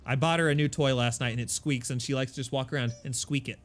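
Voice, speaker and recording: A man streaming a game from his apartment, chatting casually into a desk mic, self-deprecating and full of quick asides. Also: mid-range voice, steady tone. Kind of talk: casual live-stream chat. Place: home apartment. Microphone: desk microphone.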